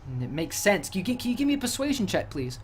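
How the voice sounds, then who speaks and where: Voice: medium pitch, big pitch swings, quick pace, a little hiss or hum. A game master narrating a tabletop horror game in a loose, hesitant way, often restarting.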